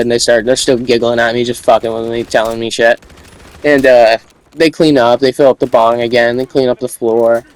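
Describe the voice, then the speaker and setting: A young man tells a story in a loose, casual monologue. He rambles, repeats himself and restarts his sentences, and his slangy talk sits at a middle pitch for a man. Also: little pitch movement, fairly quick, a little mellow, rough recording.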